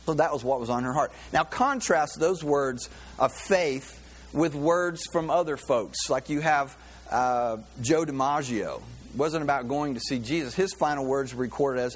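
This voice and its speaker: Relaxed man preaching a casual sermon. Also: mid-range voice, normal speed, breathy edge. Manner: conversational, loose, with many fillers and restarts. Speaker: pastor. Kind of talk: sermon with a joke.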